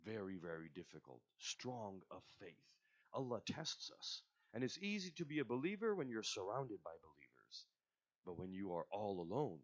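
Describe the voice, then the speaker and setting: Expressive male storyteller at a religious gathering. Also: on the low side, moderate pace, dull audio. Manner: expressive, addresses listeners directly. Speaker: majlis speaker. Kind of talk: storytelling sermon. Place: religious centre.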